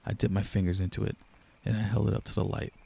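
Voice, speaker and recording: A young man reading a first-person horror story aloud in a low-key, steady storyteller's way. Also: fast, vocal fry, husky. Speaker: narrator. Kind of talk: scripted horror narration.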